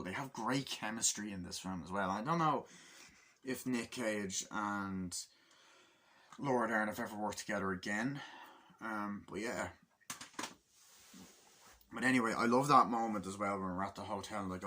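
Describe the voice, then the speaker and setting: A man's voice: on the low side, moderate pace, bright, forceful tone. A man giving a rambling, casual film review, swearing often and acting out lines from the movie.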